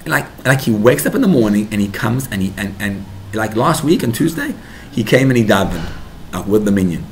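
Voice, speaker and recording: Rabbi guy teaching parents, lowish voice, gets real emphatic, bit of hiss behind. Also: brisk. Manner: animated, builds to emphatic bursts. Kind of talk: Torah class for parents.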